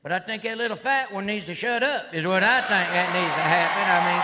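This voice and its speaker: Rowdy comedian, high, loud hall. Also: male voice, brisk, few pauses. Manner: rowdy redneck persona, drawling and shouting. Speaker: stand-up comedian. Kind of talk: stand-up routine. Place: live comedy stage. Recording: live hall recording with crowd noise. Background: audience laughter and noise.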